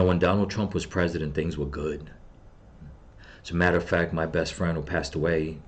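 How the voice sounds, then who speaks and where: A man's voice: a bass voice, a little hiss or hum. A middle-aged man telling of his loss, then ranting bitterly and with heavy swearing at the people he blames. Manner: grieving, bitter, profane ranting. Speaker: channel host. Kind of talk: angry personal vlog rant.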